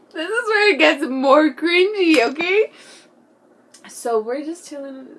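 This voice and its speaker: A teenage girl telling a story in a casual vlog, excitable and giggly, full of "like" and "bro", sometimes dropping to a hushed whisper. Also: high-pitched. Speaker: vlogger.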